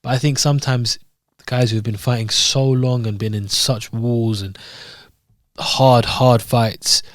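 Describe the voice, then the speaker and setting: A man's voice: mid-range voice, unhurried, dry recording, studio quality. Young man, casual. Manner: explains fight results, animated retelling. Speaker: podcast co-host. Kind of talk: casual chat.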